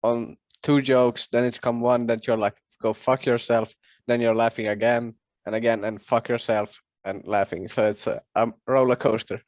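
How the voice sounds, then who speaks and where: A man's voice: medium pitch, level tone, normal speed, hardly any pauses, darkish tone, no echo, dull audio. A man in casual podcast chat, chiming in with short, blunt remarks and swearing.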